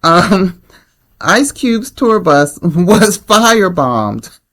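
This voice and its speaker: A woman's voice: on the low side, big pitch swings, drawn-out words, a bit bright. A woman hosting her own channel, giving blunt, opinionated commentary on the news in a casual way. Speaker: channel host.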